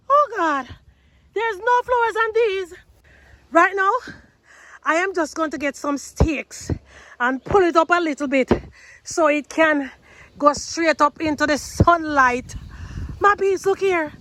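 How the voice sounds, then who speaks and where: A woman with a high voice hosts a casual gardening vlog from outdoors. She talks chattily to her viewers, calling them guys and y'all. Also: a little slow, long pauses, pushed and bright, no echo, low-quality recording. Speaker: gardening channel host.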